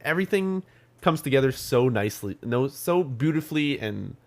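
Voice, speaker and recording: A man's voice: mid-range voice, expressive, moderate pace. A man co-hosting a gaming podcast, telling stories animatedly in casual chat and swearing freely. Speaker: podcast co-host.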